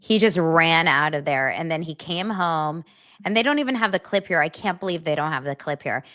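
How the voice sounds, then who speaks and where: A woman hosting a pop culture show who recaps reality TV in a blunt, profane, animated style. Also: low voice, brisk. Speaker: pop culture podcast host. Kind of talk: casual gossip recap.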